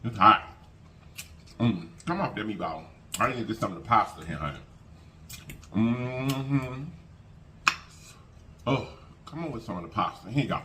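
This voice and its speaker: A man's voice: on the low side, unhurried, pauses often, a little hiss or hum. A man hosting a casual eating vlog, folksy and chatty, humming as he eats. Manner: lively, folksy, hums while eating. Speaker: mukbang host.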